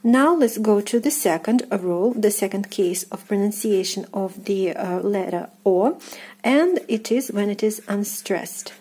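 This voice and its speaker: Slow, husky Russian-accented woman teaching. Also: medium pitch, warm tone. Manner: patient, repeats words slowly, hesitant fillers. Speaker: language teacher. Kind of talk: pronunciation lesson.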